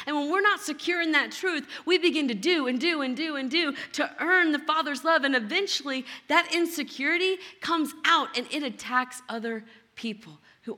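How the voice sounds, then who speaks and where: A woman preaching a sermon as a guest pastor. Her voice sits high and sounds bright and forceful. She speaks earnestly and slips into a character's voice to act out his complaints, with a long reverb trailing in a large auditorium. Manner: earnest, acts out the older brother's complaints.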